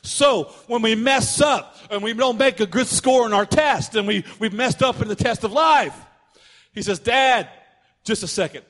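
An animated male preacher tells a story from his own life, throwing himself into every quoted voice. His voice sits fairly high for a man. A long hall reverb trails after each phrase. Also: normal speed, few pauses. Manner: animated, acts out quotes with big swings of pitch and volume. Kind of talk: sermon storytelling.

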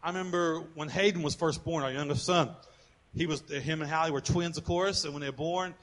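A man preaching a sermon as pastor. He is animated, repeats words as he builds a point, calls on the congregation to answer, and goes hushed for personal stories. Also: on the high side, a little fast.

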